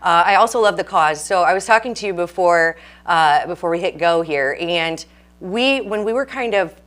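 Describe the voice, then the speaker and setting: A woman's voice: lowish voice, animated, normal speed, a bit bright. A woman hosting a casual interview, friendly, with brief affirmations. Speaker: host.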